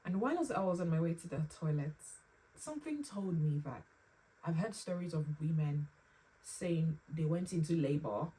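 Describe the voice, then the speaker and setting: Young woman, low-pitched, emotional storytelling, slightly distant mic. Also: animated, dark tone. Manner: halting and tearful, with pauses and restarts. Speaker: vlogger sharing a personal story. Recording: slightly distant mic with faint room ambience.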